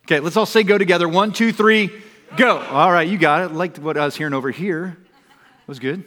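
A middle-aged man preaching a sermon as pastor, emphatic and repetitive, building to loud urgent exhortation. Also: a little high, quick pace. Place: church sanctuary. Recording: long hall reverb.

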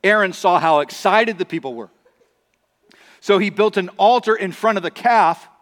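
A man's voice: high-pitched, normal speed, a bit bright. A man preaching a sermon as pastor, conversational with acted asides. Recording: long reverb of a large hall.

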